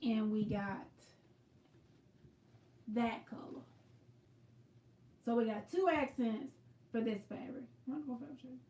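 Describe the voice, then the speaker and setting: High-voiced woman, chatty livestream host, echoey room, sits back from the mic. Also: slow pace, pauses often, mellow, far from the mic. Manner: chatty, greets viewers by name, explains as she works. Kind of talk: casual livestream chat while quilting.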